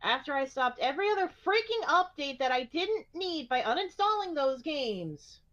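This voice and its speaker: A woman's voice: high-pitched, sing-song, normal speed, a bit bright, lo-fi sound. A woman chatting casually on a gaming stream, rambling and joking about her computer troubles.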